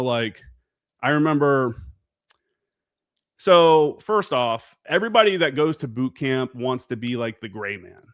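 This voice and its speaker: In a casual storytelling interview, this forties-aged veteran guest on a podcast swears freely and acts out the dialogue he recalls. He speaks at medium pitch with a slightly bright tone, recorded cleanly in a studio with no room sound.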